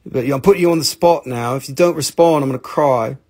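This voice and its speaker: An American man hosting a live sales stream, talking in an excitable, rambling way with casual swearing. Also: medium pitch, fairly quick. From United States.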